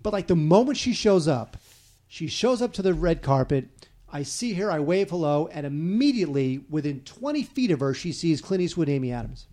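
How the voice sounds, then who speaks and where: A man co-hosting a film review show, telling an animated story with stammers and restarts. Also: on the high side, brisk. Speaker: film critic co-host. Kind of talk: casual anecdote chat.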